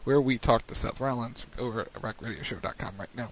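A man's voice: mid-range voice, quick pace, husky. A man hosting a wrestling recap show on internet radio, chatting casually and rambling with lots of fillers. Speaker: wrestling podcast host. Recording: muffled lo-fi radio stream.

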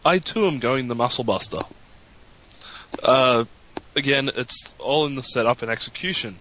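A man's voice: mid-range voice, animated, normal speed, sharp tone, lo-fi sound, a little hiss or hum. A man co-hosting a casual podcast, speaking earnestly with stammered restarts. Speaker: podcast co-host. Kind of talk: casual chat.

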